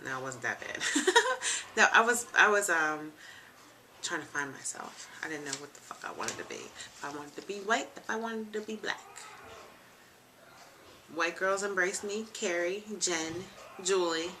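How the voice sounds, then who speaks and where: Young woman host, low voice with a bright forceful edge, frank and chatty, faint hiss behind. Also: lively intonation, measured pace. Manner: chatty, frank and joking, with frequent ums and asides. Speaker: web show host. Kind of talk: casual chat. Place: home room, seated in a leather chair.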